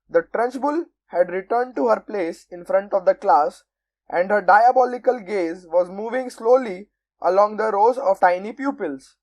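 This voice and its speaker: Young woman, audiobook narrator, children's story, expressive, measured. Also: medium pitch, low-quality recording. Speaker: volunteer audiobook reader.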